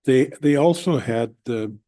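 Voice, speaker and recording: A man on a city council giving a halting, plainspoken report at a desk microphone in a council chamber. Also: mid-range voice, warm tone, no room sound, rough recording.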